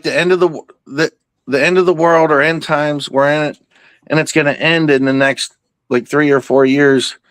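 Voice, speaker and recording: A man talking casually in an open Q and A, excitable and rambling, with many restarts and fillers. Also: mid-range voice, no echo. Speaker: participant in an open Q and A.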